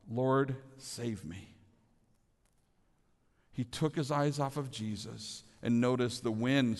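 A man's voice: mid-range voice, darkish tone. Male pastor, earnest sermon delivery, medium voice, long hall reverb.

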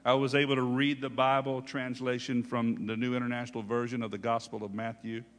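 A man's voice: medium pitch, level tone, fairly quick. A male pastor preaching a chatty, folksy sermon, often checking in with his listeners. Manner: folksy, chatty, often asks "okay?" and chuckles. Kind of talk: conversational sermon. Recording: long hall reverb.

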